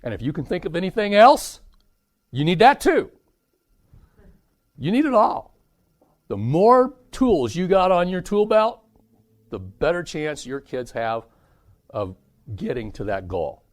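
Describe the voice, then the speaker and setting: Man, seminar teacher, fairly high voice, very lively pitch, quizzes the audience. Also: measured pace, long pauses. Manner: animated, asks the audience questions. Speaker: teacher leading a parenting seminar. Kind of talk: seminar talk to a live audience.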